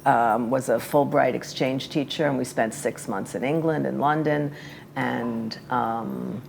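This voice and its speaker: An older woman speaks with an exceptionally low, gravelly voice, full of vocal fry. She chats in a rambling, friendly way with plenty of ums and laughs. A faint hiss of noise sits under the recording. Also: fairly even intonation, a little slow, a little mellow. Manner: chatty, rambling, with fillers and laughs. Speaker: interview guest. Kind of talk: casual interview.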